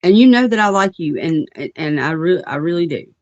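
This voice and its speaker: A woman's voice: on the low side, lively intonation, normal speed, darkish tone, no room sound. A woman rants on a livestream in a blunt, profane and rambling way, with many fillers. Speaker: livestream host. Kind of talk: livestream rant. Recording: dull lo-fi stream audio.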